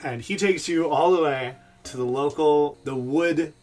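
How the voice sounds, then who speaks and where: A man narrating a tabletop game as game master, relaxed with many fillers, over faint music. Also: on the high side, measured pace.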